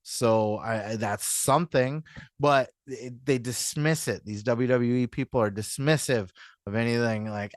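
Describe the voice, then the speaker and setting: A man's voice: mid-range voice, unhurried, no room sound, studio quality. Rambling, profane male podcast host. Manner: rambling, profane, repeats "you know what I mean"; acts out quotes in mock voices. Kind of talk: casual commentary monologue.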